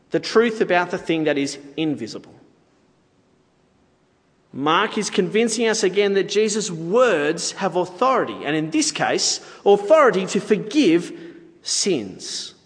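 Lively conversational preacher in a hall. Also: male voice, high voice, unhurried. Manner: conversational, playful asides to the audience. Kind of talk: sermon.

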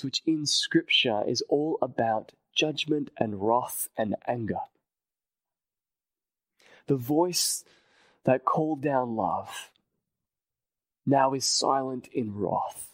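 A male preacher delivers a sermon at a slow, deliberate pace, leaning on repetition and sinking to a near-hush for emphasis. His voice sits at an ordinary middle pitch and is recorded dry and close, with no room sound. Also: no room sound, low-quality recording.

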